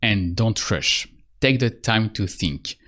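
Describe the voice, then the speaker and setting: A man teaching a language lesson, patient and repetitive, pausing so the learner can answer. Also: lowish voice, animated, sharp tone. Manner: slow, patient, repeats phrases and pauses for the learner. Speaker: French teacher. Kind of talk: calm spoken language lesson.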